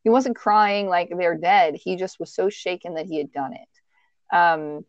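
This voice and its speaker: Low-voiced woman telling a true-crime story. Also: unhurried, no echo, dull audio. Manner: conversational, hesitant restarts and fillers. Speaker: podcast host.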